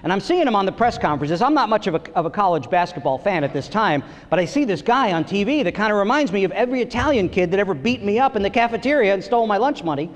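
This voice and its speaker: A middle-aged man from New York and Florida doing a live stand-up set on a theater stage, animated and jumping into quick character voices. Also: high-pitched. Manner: animated, does quick gangster and Southern voices mid-joke. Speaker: stand-up comedian. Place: large historic theater stage with audience. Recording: live theater with hall reverb and faint ambience.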